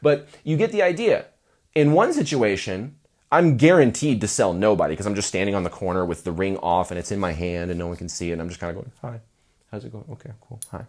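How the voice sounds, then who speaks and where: A man giving casual talking-head advice to musicians as a music business coach, playful and animated, acting out mock sales pitches. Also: fast talker.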